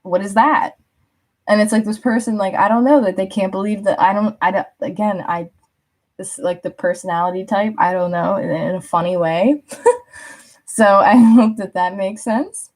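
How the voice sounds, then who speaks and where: A young woman talks through a tarot reading in a loose, chatty way. She fills her sentences with little fillers, laughs freely and slips into quick impressions of the people she describes. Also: medium pitch, fairly even intonation, darkish tone. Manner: chatty, lots of "like", laughs often, acts out quotes. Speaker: tarot reader. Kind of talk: casual spoken reading.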